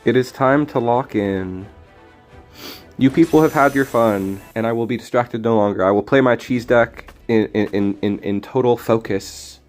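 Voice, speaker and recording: A male streamer chats loosely over his card game, wandering between thoughts and poking fun at himself. His voice sits at a middling pitch, with soft music playing faintly underneath. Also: moderate pace, few pauses. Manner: rambling, jokey, self-deprecating. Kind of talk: casual gameplay commentary.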